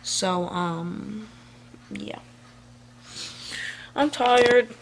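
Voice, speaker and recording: Casual woman vlogger rambling into her phone at home, lots of ums, gravelly fry in the voice. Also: medium pitch, very slow, a little hiss or hum. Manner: meandering, full of fillers and restarts. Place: at home, indoors. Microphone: handheld phone camera.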